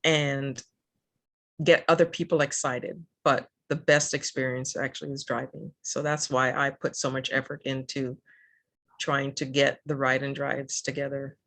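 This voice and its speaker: A woman's voice: a bass voice, flat delivery, a little slow, fairly bright tone. An older woman from Southern California, a guest in a casual interview, talking earnestly with many fillers and restarts. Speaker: guest, EV advocate.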